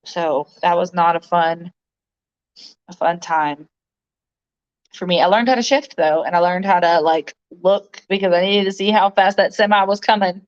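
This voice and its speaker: A woman's voice: on the low side, moderate pace. A woman hosting a livestream, chatting casually with viewers in a rambling way, full of fillers and laughs, recorded on a phone. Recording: dull lo-fi phone audio.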